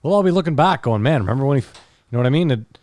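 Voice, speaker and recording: A man's voice: medium pitch, lively intonation, rapid-fire, darkish tone, dry recording. A man co-hosting a podcast in casual chat, blunt, profane and teasing. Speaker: podcast co-host.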